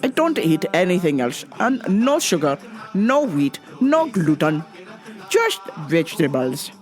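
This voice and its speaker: A woman's voice: on the low side, big pitch swings, measured pace, darkish tone, soft background music. A woman voicing a rude, demanding middle-aged woman customer who repeats herself insistently.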